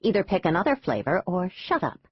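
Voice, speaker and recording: A woman's voice: fairly low pitch, sing-song, a little fast, breathy edge, no room sound, dull audio. A woman reading an audiobook, voicing a tart older woman behind an ice cream counter who talks in a blunt, dry, falsely sweet way.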